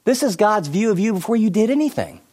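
A middle-aged man preaching a sermon, telling stories with many asides and shifting between lively and hushed delivery. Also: high voice, quick pace. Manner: animated storytelling with many asides. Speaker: pastor.

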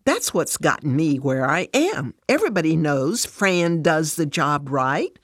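A woman voicing a defensive, upset working mother, speaking higher and more emotionally than her narration. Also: lively intonation, measured pace, no echo, studio quality, close to an everyday voice. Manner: raised pitch, emotional and defensive.

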